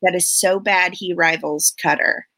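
A woman's voice: on the low side, fairly even intonation, unhurried, sharp tone, no echo. A woman co-hosting a casual podcast chat, telling stories eagerly and laughing often. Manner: giggly, enthusiastic storyteller. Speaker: podcast co-host.

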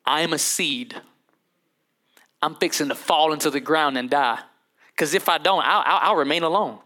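A man voicing Jesus as a calm, solemn grown man who speaks slowly and gravely. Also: fairly high pitch, pitched below the performer's own voice.

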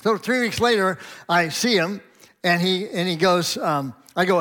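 A man's voice: high voice, unhurried, fairly bright tone. A middle-aged man, a pastor, tells a personal story in a sermon, chatty and anecdotal, acting out quoted dialogue with light chuckles.

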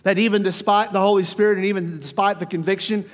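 High-voiced preacher in a reverberant hall. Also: male voice, quick pace. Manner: swings between soft hushed passages and lively, raised mock dialogue. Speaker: pastor. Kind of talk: sermon. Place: church sanctuary. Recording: long reverb of a church hall.

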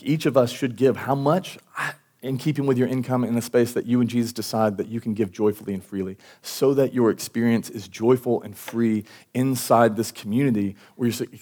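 A man preaching to his church in a loose, conversational way. His voice sits at an ordinary middle pitch. He restarts his sentences often and leans on casual fillers, as if he were talking with friends. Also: darkish tone. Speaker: pastor. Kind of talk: sermon. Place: church service.

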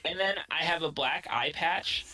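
A woman's voice: deep voice, moderate pace, sharp tone, slight background noise, rough recording. A woman playing a tabletop game, chatting casually and joking about her own character voices. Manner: self-deprecating, playful. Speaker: player.

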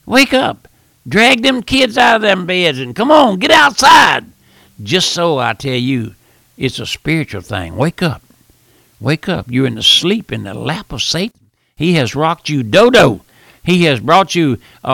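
A man preaching as a pastor in a fervent radio sermon, swinging between hushed pleading and loud urging. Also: medium pitch, creaky, no room sound.

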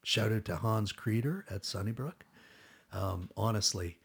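Gravelly low-voiced man. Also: a little slow. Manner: rambling storyteller, acts out quotes, casual swearing. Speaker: guest. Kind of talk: casual storytelling in a podcast interview.

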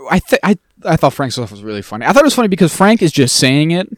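A man co-hosting a podcast, chatting casually about a TV episode and jumping into animated impressions of the characters. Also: quick pace, dry recording, studio quality. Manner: animated, jumps high when mimicking characters. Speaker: podcast co-host. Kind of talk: casual chat recapping a TV episode.

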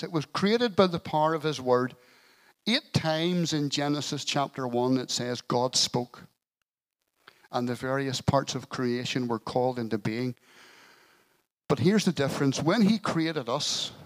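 A man's voice: fairly high pitch, low-quality recording. A male pastor giving an earnest sermon in church, telling a story with a touch of light humour.

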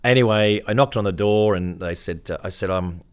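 Chatty Australian man telling lively anecdotes. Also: lowish voice, brisk, clear, resonant tone. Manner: animated anecdotes, acting out quoted voices. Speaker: interview guest, tribute performer. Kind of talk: casual storytelling in an interview.

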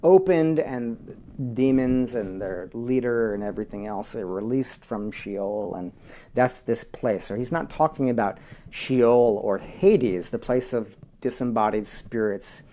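A male pastor in full sermon mode who speaks at a middle pitch. He drops to near-whispers and then builds to rousing shouts, calling out for amens. He keeps it conversational between scripture readings, with casual asides. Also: unhurried. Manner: animated preaching that swings from whispers to shouts; call-and-response with the congregation.

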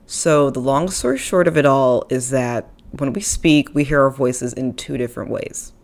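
Young female podcast host with a low-pitched voice, casual and chatty, quick to poke fun at herself. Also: darkish tone. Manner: chatty, self-deprecating, playful asides. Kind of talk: casual solo podcast talk. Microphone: studio microphone.

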